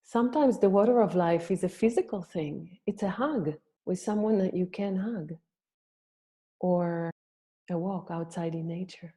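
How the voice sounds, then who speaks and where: A woman telling a myth in a gentle, reflective storytelling talk to her group. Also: fairly low pitch. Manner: gentle, reflective, slow-paced. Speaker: birth story practitioner.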